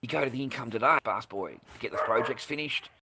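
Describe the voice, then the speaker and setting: A man's voice: medium pitch, fast talker, noisy background. An Australian man hosting a casual livestream, rambling and swearing bluntly as he answers his live chat. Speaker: livestream host.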